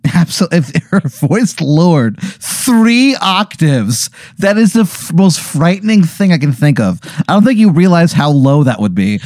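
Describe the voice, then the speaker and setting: A man co-hosting a comedy podcast, talking in an animated way, swearing freely and laughing readily. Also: a little high, a little slow, hardly any pauses, no echo, studio quality. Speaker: podcast co-host. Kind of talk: casual chat.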